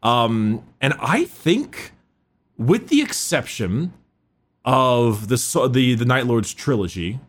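A man co-hosting a casual book podcast, talking in loose, rambling sentences full of restarts. His pitch swings widely as he talks, sitting in an ordinary middle register. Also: sing-song, slow. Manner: rambling, many restarts and fillers. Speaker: podcast co-host.

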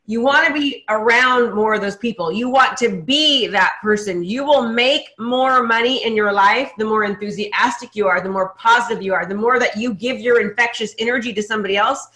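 A woman hosting a podcast in casual interview chat, upbeat, talking in quick bursts with many restarts. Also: fairly high pitch, sharp tone, roomy sound. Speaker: podcast host.

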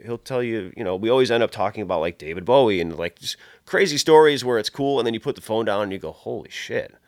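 Low-voiced man swapping rambling stories. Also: lively intonation, fast talker, no echo, studio quality. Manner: rambling storyteller, heavy swearing, acts out quoted dialogue. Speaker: guitar pedal builder. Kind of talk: casual podcast chat.

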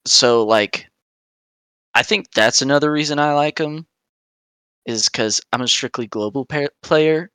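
A man's voice: a little high, unhurried, long pauses, sharp tone, clear, resonant tone, no room sound. Enthusiastic man rambling about a game. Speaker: podcast co-host. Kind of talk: casual chat about a mobile game.

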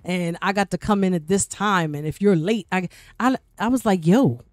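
A woman's voice: fairly low pitch, normal speed, no room sound, studio quality. A woman radio personality guest-hosting a podcast, telling a personal story in a talkative way that repeats words, restarts and acts out quoted voices.

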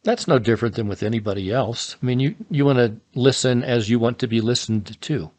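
A man's voice: medium pitch, brisk, darkish tone. Laid-back married man co-hosting. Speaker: co-host. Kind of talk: casual relationship advice chat.

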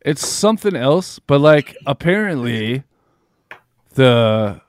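A man's voice: mid-range voice, big pitch swings, slow, no room sound, studio quality. A man hosting a podcast, joking around in casual, profane banter and laughing often. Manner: laughing, joking, swears freely. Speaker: podcast host.

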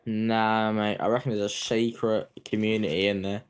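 A young man, a guest on a casual podcast, making dry deadpan jokes. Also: fairly low pitch, moderate pace, clear, resonant tone. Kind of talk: casual chat.

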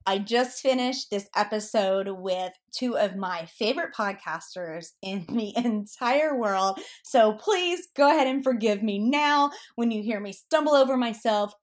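A woman hosting a podcast, chatty and openly excited about her guests. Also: medium pitch, measured pace, hardly any pauses. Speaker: podcast host. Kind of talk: casual podcast interview.

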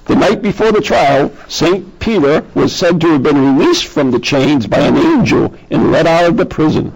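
A man with a New England accent hosts a casual podcast chat, his fairly high voice gravelly and husky. He rambles at length and often stumbles over hard words. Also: big pitch swings, normal speed, rough recording. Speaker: podcast host.

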